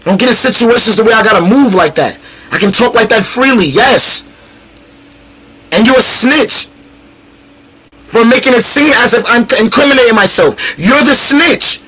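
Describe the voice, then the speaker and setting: A man chatting casually on a livestream as a battle rapper guest, animated, profane and combative, teasing the chat directly. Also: extremely high pitch, normal speed, pauses often, breathy edge.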